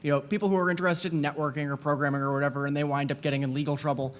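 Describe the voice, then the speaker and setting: A man's voice: on the high side, level tone, very fast, a little hiss or hum. Hesitant man speaking at a conference. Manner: hesitant, with fillers and restarts. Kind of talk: personal talk to an audience.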